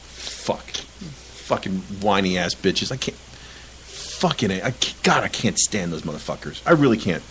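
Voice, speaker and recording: A man's voice: low voice, big pitch swings, unhurried, a bit bright, a little hiss or hum, low-quality recording. A man co-hosting a casual soccer podcast, ranting with lots of swearing and frequent laughter. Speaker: podcast co-host.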